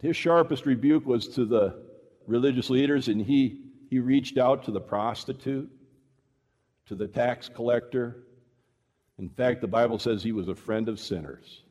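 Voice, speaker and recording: Animated man preaching in reverberant hall. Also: medium pitch, measured pace. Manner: animated, acts out dialogue, shifts pace often. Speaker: preacher teaching evangelism. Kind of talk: sermon with storytelling.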